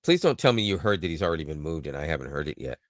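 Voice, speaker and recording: A Canadian man co-hosting a podcast, chatting casually and joking with quick asides. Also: a bass voice, very animated, no echo, clean studio sound. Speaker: podcast co-host. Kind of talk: casual chat.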